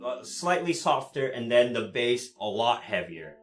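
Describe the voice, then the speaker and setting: A man teaching cello in a live lesson, explaining in a relaxed way with many fillers and frequent "right?" checks, pausing to play the instrument. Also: mid-range voice, soft background music. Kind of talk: live online music lesson. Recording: roomy sound with cello playing. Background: cello playing between phrases.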